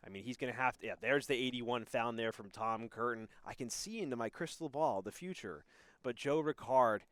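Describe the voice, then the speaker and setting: A man doing live play-by-play commentary on a darts match, excitable and prone to loud exclamations on a close mic. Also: medium pitch, fairly quick, smooth, dry recording. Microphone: close mic, apologizes for being too loud.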